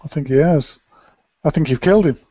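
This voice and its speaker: A man's voice: a little high, brisk, a crowd in the background. A man playing a tabletop game over voice chat, casual and joking. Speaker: player. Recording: dry lo-fi voice chat audio.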